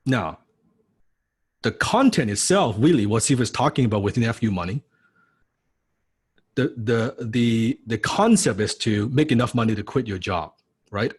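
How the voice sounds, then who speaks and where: A man's voice: mid-range voice, animated, normal speed, long pauses, husky. A man teaching a recorded course lecture in a punchy, blunt way, firing rhetorical questions and checking "right?" after each point. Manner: blunt, occasionally swears for emphasis. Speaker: course instructor.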